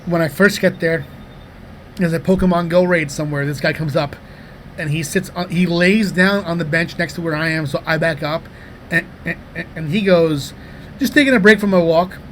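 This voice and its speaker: A man in his thirties co-hosting a comedy podcast, telling rambling, profane anecdotes in a casual, animated way. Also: on the high side, moderate pace, a little hiss or hum. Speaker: podcast co-host.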